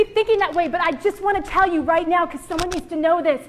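A woman's voice: very high voice, brisk, few pauses, a little hiss or hum. A woman preaching to a women's church gathering, joking and acting out little voices as she goes. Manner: animated, jokey, acts out voices. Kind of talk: sermon.

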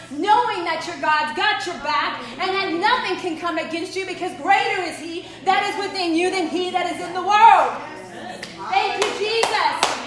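A woman preaching and praying fervently to a women's gathering, recorded on a phone held in her hand in a church room. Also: extremely high pitch. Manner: fervent, drops to hushed prayer, laughs easily. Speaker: women's ministry speaker. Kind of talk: sermon and prayer. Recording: echoey room, phone mic.

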